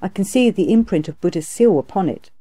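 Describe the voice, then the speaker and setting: A woman's voice: mid-range voice, animated, brisk, warm tone, husky. A woman voicing a respectful male disciple in a storybook reading, in a plain tone. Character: attentive male disciple of a goddess.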